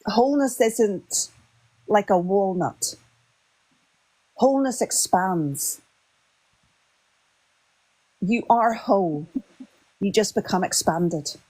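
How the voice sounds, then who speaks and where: A woman guest speaking as a spiritual teacher in slow, measured, soothing phrases. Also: medium pitch, warm tone, breathy edge, low-quality recording.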